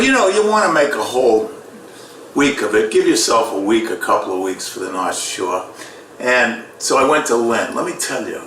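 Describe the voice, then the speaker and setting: A man with a Boston accent doing a sarcastic stand-up comedy routine. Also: medium pitch. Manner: sarcastic, deadpan delivery with loud mock voices. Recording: echoey room, distant mic, faint noise.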